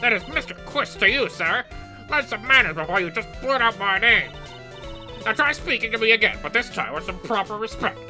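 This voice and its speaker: A man's voice: expressive, a little fast, music in the background. A man voicing a rude, pompous ventriloquist puppet with a mid-Atlantic accent, in a fan voice-over of a game. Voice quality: shouty, insulting, high-pitched.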